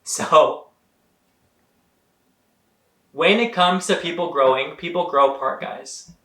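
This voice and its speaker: A man's voice: a little high, slow pace, fairly bright tone, roomy sound. A young man giving an earnest, motivational vlog monologue, talking straight to his viewers and calling them guys. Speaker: vlogger.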